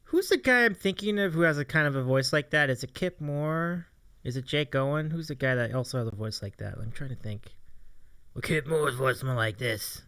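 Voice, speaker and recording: A man with a bright, forceful voice that swings widely in pitch, co-hosting a casual streamed chat show. He is upbeat and enthusiastic, often repeating his words, and talks into a desk mic. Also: smooth. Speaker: podcast co-host.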